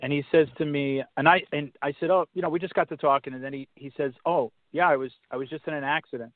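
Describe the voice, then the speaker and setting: A man on a podcast telling a faith story casually, halting and restarting, turning preachy when he quotes scripture. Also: a little high, steady tone, dry recording. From Massachusetts. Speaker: podcast guest. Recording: tinny phone-line sound, dry.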